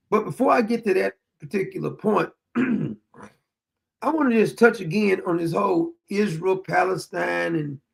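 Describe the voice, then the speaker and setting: A man's voice: sits high, gravelly. A man hosting a political commentary show, talking bluntly and defiantly in a profane, unscripted rant and often repeating himself.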